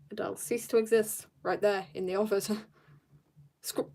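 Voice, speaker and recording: In a level, mellow voice of medium pitch and moderate pace, a South African woman draws live for viewers. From an upstairs room at home she reads their comments out loud and chats back casually.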